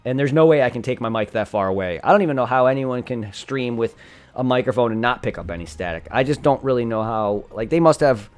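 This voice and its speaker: A young man on a live game stream talks quickly in a clean, mid-range voice, rambling and fixing his own words as he goes. He reads game dialogue aloud into a desktop condenser mic while faint music and computer fan noise play behind him.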